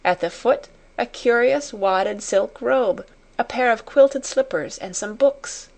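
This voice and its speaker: A woman reads a classic storybook aloud at a slow, careful pace. Her voice sits in a middle range, and her reading stays measured and unhurried. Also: mid-range voice, vocal fry. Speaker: audiobook narrator. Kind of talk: scripted storybook narration.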